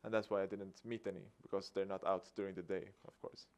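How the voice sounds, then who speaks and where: The low-pitched, fast-talking speaker is a Swedish man and activist delivering a public talk. He spins a story with lively, acted-out dialogue and a chuckle.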